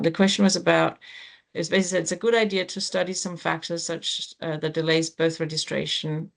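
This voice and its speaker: A woman hosts an online panel over a video call, her voice carrying a noticeable gravelly fry. She talks in a loose, conversational way, often pausing on ums and restarting her sentences. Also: low-pitched. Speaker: webinar moderator. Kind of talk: hosting an online panel discussion.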